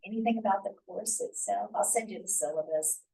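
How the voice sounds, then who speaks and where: A middle-aged woman from Mississippi, telling stories in a chatty, animated way while she leads a study-abroad information session. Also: mid-range voice, a little fast, vocal fry, distant mic, poor audio. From Mississippi, USA. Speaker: faculty trip leader.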